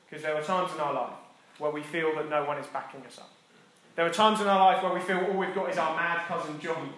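A man with an Essex accent preaching a sermon, jokey and lively, then dropping soft and quiet to drive a point home. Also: on the high side, heavy reverb, slight background noise, poor audio. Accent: Essex English. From Essex, England. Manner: animated, jokey, drops to soft intimate delivery for emphasis. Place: church.

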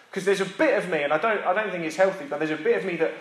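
A man's voice: high-pitched, rapid-fire, hardly any pauses, a bit bright. A man preaching a sermon in a chatty, self-deprecating way that builds to emphatic repetition, recorded in a church. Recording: roomy echo.

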